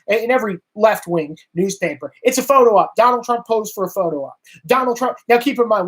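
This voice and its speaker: A man ranting as a political commentator, sarcastic and emphatic, hammering his points through repetition. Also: high voice. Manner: sarcastic, exasperated.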